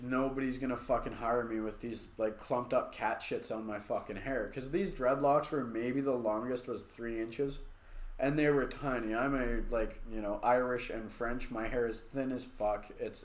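A man's voice: mid-range voice, fairly even intonation, moderate pace, roomy sound. A man co-hosting a podcast, telling long stories in casual, profane chat. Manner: profane, rambling storytelling. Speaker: podcast co-host.

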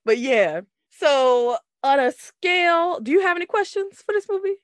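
A woman co-hosting a casual movie review chat, animated and quick to laugh and swear. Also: very high voice, no echo. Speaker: podcast co-host reviewing a movie.

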